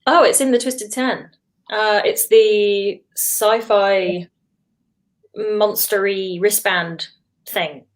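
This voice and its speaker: A woman's voice: medium pitch, fairly even intonation, drawn-out words. A woman guest writer answering briefly in casual chat, with small laughs between her answers.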